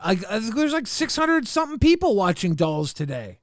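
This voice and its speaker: A man's voice: high voice, very animated, normal speed, no echo. A man hosting a casual livestream chat, laid-back, teasing and reading out viewer messages on a close mic. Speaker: livestream host.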